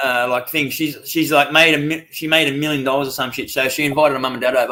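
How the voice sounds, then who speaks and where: A man's voice: medium pitch, fast, hardly any pauses. A man in his forties with an Australian accent, telling stories bluntly and with lots of swearing in casual podcast chat. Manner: blunt, swearing, animated storytelling. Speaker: podcast co-host.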